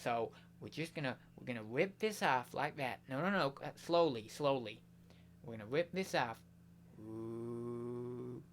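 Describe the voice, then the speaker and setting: Putting on an American accent, a man plays a mock-serious character explaining step by step how to pack a parcel, slowly and with exaggerated over-explaining in a spoof-tutorial tone. His voice is mid-range and animated, with a little hiss or hum on the recording.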